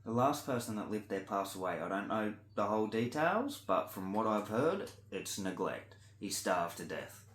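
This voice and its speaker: A man's voice: sing-song, normal speed, hardly any pauses, reverberant. Sweary, ranting Australian man. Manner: blunt, sweary, indignant, swings between loud outbursts and low mutters. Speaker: vlogger. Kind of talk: ranting monologue to camera.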